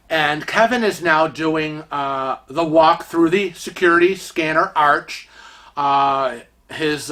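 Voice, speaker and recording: A man vlogging, telling a story casually with many fillers and animated, chatty delivery. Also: a little high.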